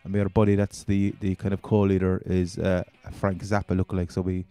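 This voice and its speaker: A Cork man with a low-set, mellow voice talks through his game in an easygoing, rambling way. His chatter drifts from one thought to the next, and faint guitar music plays behind him. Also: completely flat delivery, quick pace, smooth, no echo. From Ireland. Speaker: gaming channel host. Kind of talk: casual gaming commentary.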